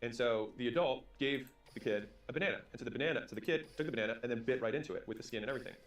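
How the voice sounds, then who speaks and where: Fast-talking man, roomy distant sound. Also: mid-range voice. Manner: rapid storytelling with quick acted-out dialogue. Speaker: business and sales speaker. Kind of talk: motivational storytelling talk. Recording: roomy sound from away from the mic.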